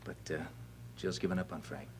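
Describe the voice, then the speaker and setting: A man plays an earnest, heartfelt widower in a soap opera. His voice is fairly low and reflective, with a faint hiss under it. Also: fairly even intonation, brisk, lightly acted.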